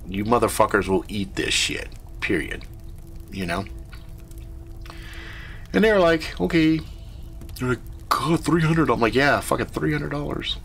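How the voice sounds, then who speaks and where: A man's voice: on the low side, a bit bright. A man hosting a live stream, telling a rambling, profane story in casual chat.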